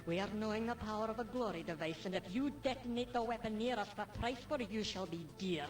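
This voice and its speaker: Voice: medium pitch, quick pace, far from the mic, soft background music, close to an everyday voice. An actor voicing a proud, honor-bound alien starship captain in a video game, with formal, oddly phrased speech. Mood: stern.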